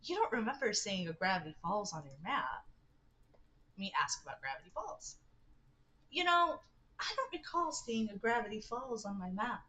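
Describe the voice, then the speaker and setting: A woman's voice: medium pitch, big pitch swings, normal speed, bright, forceful tone, low-quality recording. A young woman livestreaming a dating game, reading its text aloud with giggly, chatty asides. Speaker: streamer.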